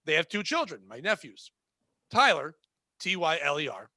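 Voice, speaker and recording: High bright-voiced jokey man. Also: very animated, normal speed, no echo. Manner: jokey, crude, laughs often. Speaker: podcast co-host. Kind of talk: casual comedic chat.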